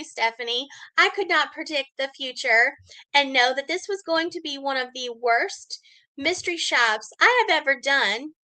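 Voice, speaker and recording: A woman telling a story on a live stream, animated and laughing, greeting viewers as she goes. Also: high-pitched, low-quality recording. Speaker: livestreamer and mystery shopper. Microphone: computer or phone mic.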